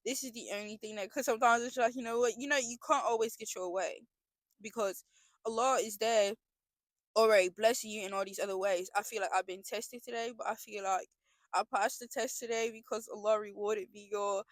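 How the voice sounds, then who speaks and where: A woman's voice: a little high, fairly even intonation, brisk, dry recording. A young woman talking in a casual confessional vlog, earnest and emotional, rambling with frequent restarts. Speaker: vlogger.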